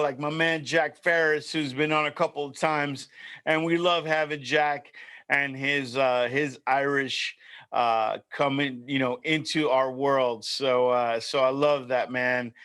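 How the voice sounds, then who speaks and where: A man's voice: fairly high pitch, little pitch movement, a little slow, a bit bright. A man hosting a casual chat show, upbeat and chummy, often saying "man" and "you know". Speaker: show host.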